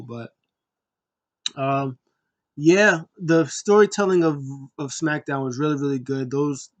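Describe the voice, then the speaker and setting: A man giving a casual, excitable recap of a wrestling show, acting out scenes in raised voices. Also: mid-range voice.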